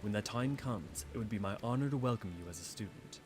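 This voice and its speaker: A man voicing a reserved female ninja from a far land, speaking in courteous, archaic, measured phrases. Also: on the low side, over music, pitched below the performer's own voice, lightly acted.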